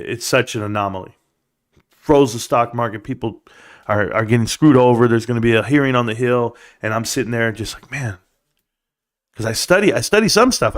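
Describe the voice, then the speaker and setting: A livestream host with a lowish yet fairly bright voice goes on a casual stock-market rant. He rambles through stories and throws out emphatic rhetorical questions.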